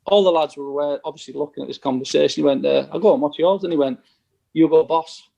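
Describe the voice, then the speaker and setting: A man's voice: a little high, racing, gravelly, warm tone. A man, a former footballer telling stories as a podcast guest and acting out the exchanges he quotes. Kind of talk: casual anecdote telling.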